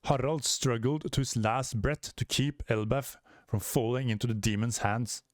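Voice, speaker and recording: A man's voice: medium pitch, steady tone, moderate pace, no echo, close to an everyday voice. A man reading aloud the lines of a solemn elderly male giant elder addressing his people, in a grave, formal way.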